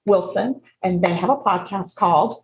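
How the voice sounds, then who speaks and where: A woman's voice: fairly low pitch, normal speed, slight background noise, low-quality recording. A woman in her fifties co-hosting a casual chat, giggly and playful, laughing often. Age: 50s. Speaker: co-host.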